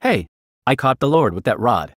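An eager, cheerful young boy in a read fan fiction story, as a man puts him on in a low voice. The lines are lively in pitch and the sound is dry and close. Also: moderate pace, dry recording.

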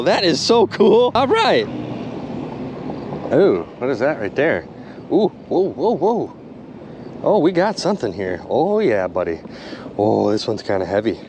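Excitable man narrating his magnet fishing. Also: high voice, slight background noise. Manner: excitable, exclamatory, addresses viewers directly. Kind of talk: excited on-camera commentary. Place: outdoors by water.

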